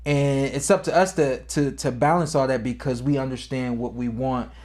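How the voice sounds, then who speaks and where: A man co-hosting a podcast, telling a personal boxing story in a casual way, acting out quotes, his voice climbing high when the story gets emotional. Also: steady tone, normal speed, a little mellow. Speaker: podcast co-host and former boxer.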